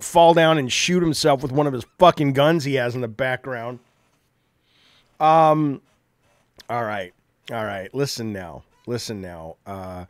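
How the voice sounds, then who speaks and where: A man hosting a livestream, swearing heavily and swinging from low mumbled asides to loud indignant rants. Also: no echo, clean studio sound. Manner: heavy swearing. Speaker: livestream host. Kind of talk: profane livestream rant.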